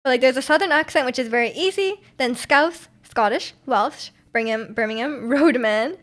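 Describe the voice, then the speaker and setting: A young woman chats with her live stream viewers, rambling and restarting her sentences, often breaking into giggles. Her voice sits a little on the high side. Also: normal speed, a bit bright. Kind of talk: casual chat with live chat.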